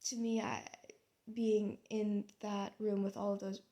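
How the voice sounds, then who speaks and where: A woman's voice: mid-range voice, flat delivery, a little slow, dark tone. A young American woman, an artist, musing aloud in a casual, rambling monologue full of fillers and restarts. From United States. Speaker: artist and vlogger.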